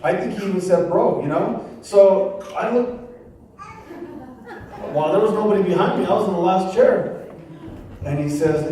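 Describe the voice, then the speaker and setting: A man's voice: high voice, normal speed, long pauses, dark tone. Man preaching a testimony in an echoey church. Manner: storytelling with acted-out voices and street slang. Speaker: guest pastor. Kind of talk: testimony sermon. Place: church sanctuary. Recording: echoey room from a far mic with faint ambience.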